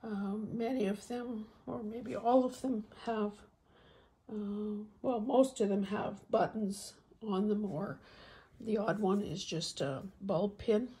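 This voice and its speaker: A woman hosting a craft vlog in a croaky, hoarse voice, talking in a halting, casual way and often stopping to clear her throat. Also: medium pitch, mellow. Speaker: craft channel host. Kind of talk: casual show-and-tell vlog. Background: faint traffic noise.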